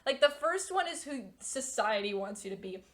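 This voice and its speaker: A young woman streamer in her twenties with a somewhat high voice. She rambles casually from story to story and swears a lot as she talks. Her telling is loose and animated. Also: normal speed. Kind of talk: casual chat.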